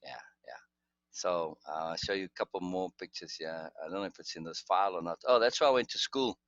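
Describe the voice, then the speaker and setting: A man's voice: deep voice, fairly quick, fairly bright tone, no room sound, dull audio. A man telling stories in casual chat, rambling, restarting often and chuckling. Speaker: storyteller.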